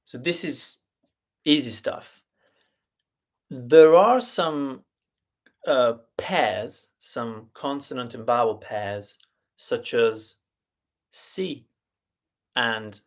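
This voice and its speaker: Male teacher, mid-pitched, unhurried; live online lesson, deliberate and sound-by-sound. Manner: slow, deliberate explaining with fillers and restarts; spells out letters and sounds one by one. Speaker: Italian teacher.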